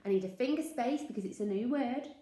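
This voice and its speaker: A woman teacher with a Northern English accent, slowly sounding out words for young children in a sing-song, encouraging way. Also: a little high, lively intonation, dark tone. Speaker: early years teacher. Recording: echoey room.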